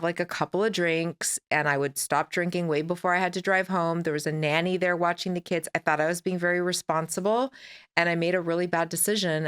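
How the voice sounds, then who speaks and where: A woman's voice: lowish voice, a bit bright, clear, resonant tone. A woman in her forties, a podcast guest telling a personal story in a candid, rambling way and acting out her own past conversations.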